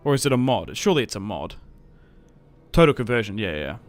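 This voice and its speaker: A man's voice: lowish voice, big pitch swings, brisk, soft background music. Easygoing young Australian man, chatty. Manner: rambling and easygoing, with many fillers and restarts. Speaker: streamer. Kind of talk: casual livestream chat while playing a strategy game.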